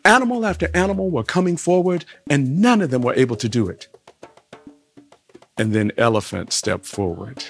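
A man telling a folktale to listeners, with rhythmic refrains and big shifts in pitch and volume. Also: big pitch swings, normal speed, long pauses, soft background music. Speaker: storyteller.

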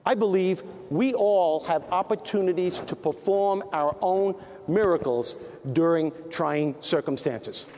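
Emphatic New York keynote speaker. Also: male voice, high-pitched, unhurried. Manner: punchy and emphatic, repeating key phrases. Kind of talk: motivational keynote speech. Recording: live talk in an echoey hall, faint room noise.

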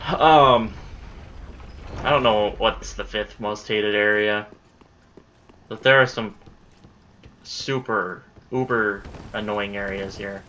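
A man's voice: fairly low pitch, slow, long pauses, sharp tone, dull audio, a little hiss or hum. A man giving live gameplay commentary, exasperated and profane, talking back at enemies as he plays. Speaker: let's play gamer.

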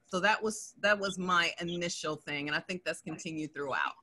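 A woman's voice: medium pitch, a little fast, few pauses, sharp tone. A woman business owner on a video call panel, speaking in an upbeat, encouraging way.

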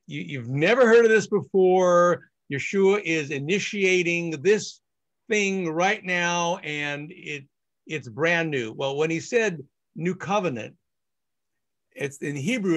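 A man's voice: a little high, a bit bright. A man speaking as a rabbi, explaining scripture in an emphatic teaching manner. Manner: emphatic, stresses key words in quoted scripture. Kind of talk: Bible teaching discussion.

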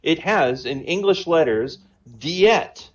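A man's voice: on the high side, expressive, takes it slowly, lo-fi sound. A man telling a string of jokes in casual style, chatty and laughing at his own punchlines. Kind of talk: casual joke-telling on a voice chat. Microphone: online voice chat.

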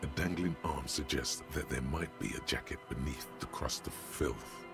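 A brooding, mocking narrator of a detective video game. His voice sits extremely low and he delivers every line with dark, sardonic menace. Game music plays clearly behind him. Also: moderate pace. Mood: ominous.

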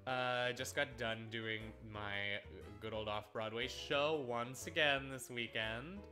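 A man's voice: mid-range voice, fairly even intonation, takes it slowly, sharp tone, soft background music. A man casually commenting on a video game as he plays, sarcastic, often repeating words in exasperation. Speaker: let's play host.

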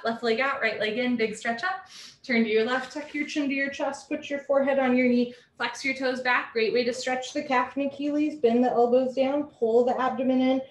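A woman leading a live yoga class from home, calling out poses briskly and dropping in chatty asides. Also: on the high side, reverberant. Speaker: yoga teacher.

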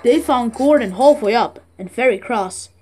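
Woman reading a train story out loud, high voice, soft music under it. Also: animated, normal speed. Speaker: narrator. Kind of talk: storybook narration for a fan redub.

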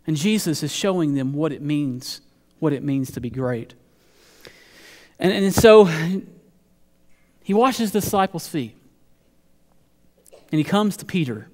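A male pastor preaching a sermon in a fairly high voice, earnest, restarting phrases as he builds each point. His words ring out with a long echo through the church sanctuary. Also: expressive, unhurried, long pauses, a little mellow.

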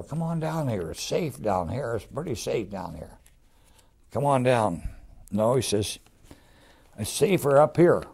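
A man's voice: deep voice, vocal fry, darkish tone, husky. An older man, a WWII veteran, recalling his wartime experiences in a rambling, folksy way for an oral history. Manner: rambling, folksy storytelling with restarts.

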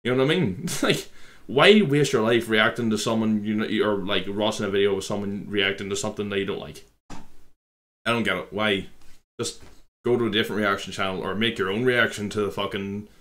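A man with an Irish accent talks casually as the host of a reaction video. His voice sits a little low, and he rambles on in a blunt, sweary way. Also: fairly quick, a bit bright. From Ireland.

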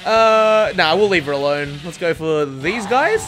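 Excitable swearing gamer, lively voice. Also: medium pitch, a little slow, a little hiss or hum. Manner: excitable, swears a lot, laughs often. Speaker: gamer streaming a match. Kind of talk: live gameplay commentary.

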